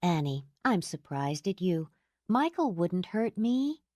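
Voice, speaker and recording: A woman voicing an exhausted, gentle young mother who speaks in a calm, earnest way. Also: on the low side, slow, dry recording, studio quality, exaggerated voice. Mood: tired.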